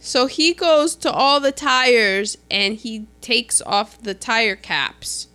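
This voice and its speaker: Bright-voiced chatty woman. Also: slow. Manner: chatty, animated, quotes characters in a lowered voice. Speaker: podcast co-host. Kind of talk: casual chat recapping a film.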